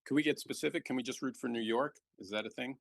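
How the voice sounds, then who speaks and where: Male co-commentator, playful and chatty, gravelly timbre. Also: medium pitch, quick pace, no room sound. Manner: jokey, chatty. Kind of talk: live game commentary.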